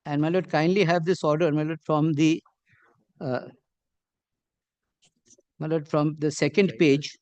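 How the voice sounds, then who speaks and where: A middle-aged man with an Indian English accent arguing before a court as an advocate, halting and constantly addressing the bench, with pointed rhetorical questions. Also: a little high, little pitch movement, a little mellow, dry recording, lo-fi sound. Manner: halting, peppers every phrase with "my lord". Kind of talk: courtroom legal argument.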